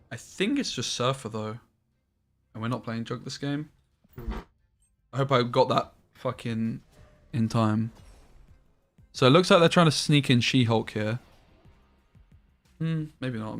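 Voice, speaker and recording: A man's voice: mid-range voice, fairly bright tone. A man streaming a card game live, thinking aloud about each play and swearing casually as he goes.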